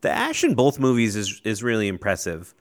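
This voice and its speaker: A low-voiced man co-hosting a relaxed podcast. He snaps off one-word verdicts and then wanders into longer, filler-laden explanations in an easygoing tone. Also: fairly quick. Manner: gives short, dry verdicts, then rambling explanations with fillers. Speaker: podcast co-host. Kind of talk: casual podcast chat.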